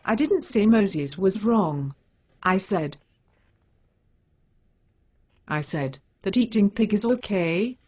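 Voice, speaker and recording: A blunt, stubborn female cat superhero from an animated short, spoken by a computer voice. She has a slightly husky, mid-height voice that jumps around in pitch. She speaks in short, flat statements. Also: slow. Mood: conceding. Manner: plain, blunt, defensive. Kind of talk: synthetic animated dialogue.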